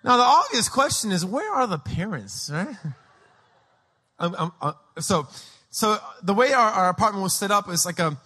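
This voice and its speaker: A man preaching a sermon, praying and then telling childhood stories from growing up in Peru, acting out voices with shouts. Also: high voice, sing-song, normal speed. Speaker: pastor. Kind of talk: sermon with personal storytelling. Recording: echoey hall with long reverb.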